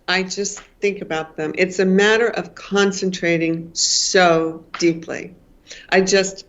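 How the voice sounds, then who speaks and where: A reflective woman in her sixties, speaking as a novelist guest in an interview. She circles back and repeats words as she feels her way to the phrasing. The audio sounds a little dull and lo-fi. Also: lowish voice. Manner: thoughtful, repeats words while searching for phrasing.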